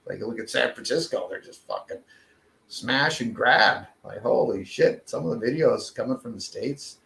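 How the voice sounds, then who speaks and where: A man's voice: mid-range voice, expressive, moderate pace, gravelly, a bit bright. A Canadian man ranting in a casual podcast chat, swearing constantly. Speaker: podcast co-host. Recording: echoey room.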